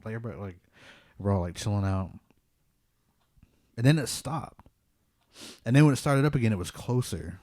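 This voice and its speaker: A man's voice: lowish voice, expressive, normal speed, pauses often, a little mellow, dry recording, studio quality. A man hosting a podcast, telling a personal ghost story in a casual, rambling way with many "like" fillers. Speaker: podcast host.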